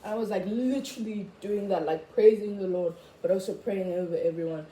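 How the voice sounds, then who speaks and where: Animated chatty young woman ranting. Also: brisk. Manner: chatty, full of "like" and "I was just like"; animated, jumping high when quoting herself. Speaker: vlogger. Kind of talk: casual rant to camera. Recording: echoey room, faint background noise.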